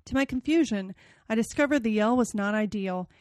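A woman's voice: a little high, brisk, a little mellow, no room sound. A woman hosting a podcast, chatting casually and reading a novel passage aloud with dramatic expression. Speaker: podcast host.

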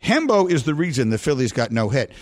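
A man's voice: mid-range voice, a little fast. A man hosting a sports radio show from a studio microphone, telling stories in casual banter and often cracking himself up. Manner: animated storyteller, breaks into laughter.

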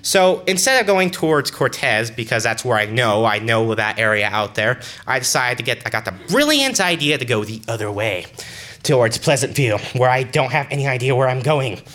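Young male storyteller, bright voice, earnest and halting, casual delivery. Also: medium pitch, big pitch swings. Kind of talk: personal story told to an audience.

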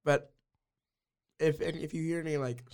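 A man's voice: fairly high pitch, steady tone, darkish tone, smooth. Stuffed-up young man, playful son. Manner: playful, quick to mock, flustered. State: stuffed up, sniffling. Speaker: podcast co-host, son. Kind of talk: casual chat about movies and TV.

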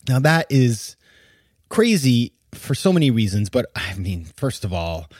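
A man's voice: medium pitch, big pitch swings, measured pace, a little mellow, no echo, clean studio sound. A man hosting a podcast, giving emphatic, exasperated casual commentary and laughing now and then as he talks. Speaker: podcast host.

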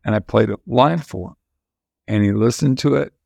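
A man's voice: fairly low pitch, normal speed, creaky, darkish tone, no room sound, lo-fi sound. An older man, a musician guest, telling long candid stories in a casual interview, rambling with restarts.

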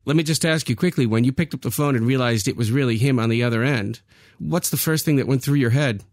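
A man's voice: mid-range voice, quick pace, no room sound, studio quality. Man interviewing on public radio. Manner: curious, brief prompting questions.

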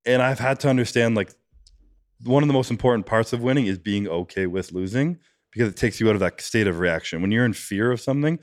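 A man's voice: fairly low pitch, fast, no echo, clean studio sound. A man talking as a podcast guest about his competitions, rambling with lots of "like" and casual swearing. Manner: rambling, fillers of "like", frequent swearing.

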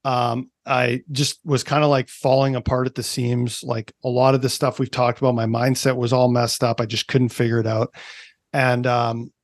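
A man's voice: medium pitch, little pitch movement, normal speed, dry recording, studio quality. A man from Canada in his thirties, a performance coach chatting on a podcast, explaining ideas with lots of "like" and "right?". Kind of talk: casual podcast interview.

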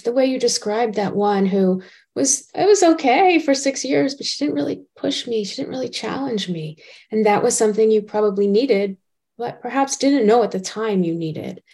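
A woman's voice: a little high, mellow. A woman hosting a podcast, reflecting and summarizing what her guest has said. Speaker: podcast host. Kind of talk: empathetic interviewing.

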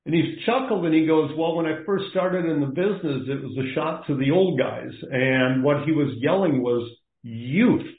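A man as a podcast guest, talking casually over the phone in a rambling, halting way with lots of fillers. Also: a little high. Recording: echoey tinny phone line.

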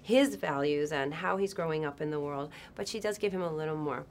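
A woman's voice: sits low, brisk, darkish tone, a little hiss or hum. A woman who is an actress guest in a press interview, answering thoughtfully and searching for her words.

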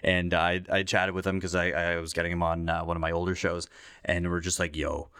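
A man's voice: sits low, fairly quick, clear, resonant tone, dry recording, clean studio sound. A man co-hosting a podcast, telling stories in casual chat with frequent laughter and swearing. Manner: laughing, animated storytelling with swearing. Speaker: podcast co-host.

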